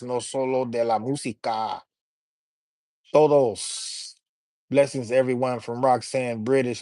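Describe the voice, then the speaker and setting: A man's voice: mid-range voice, no room sound, studio quality. Laid-back man chatting on a livestream. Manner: laid-back, slangy, gives shout-outs to viewers. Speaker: livestream host reading chat. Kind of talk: casual livestream chat.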